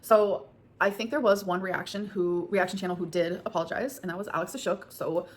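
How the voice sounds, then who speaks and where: Rambling, quick-talking woman vlogger. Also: fairly low pitch, fairly even intonation. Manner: rambling, many fillers, emotional. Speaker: vlogger answering viewer questions. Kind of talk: casual Q&A vlog.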